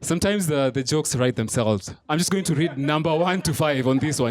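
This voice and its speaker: A man comedian doing stand-up, reading a list in a measured deadpan way as an audience laughs. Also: on the high side. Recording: live club with loud crowd.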